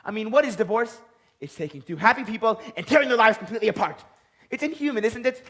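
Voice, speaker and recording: A man's voice: high-pitched, lively intonation, fast talker, fairly bright tone. A young man playing a mopey, fussy divorcé. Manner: mopey, fussy, self-pitying. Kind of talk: stage play scene.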